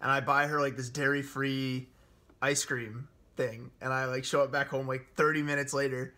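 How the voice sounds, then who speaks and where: A young man in his twenties telling a story in a casual chat, animated and laughing often. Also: mid-range voice, normal speed.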